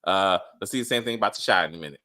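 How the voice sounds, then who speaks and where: A man's voice: deep voice, rapid-fire, sharp tone. A man hosting a casual review panel over a video call. He stammers, repeats himself and laughs often. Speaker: host of a review show.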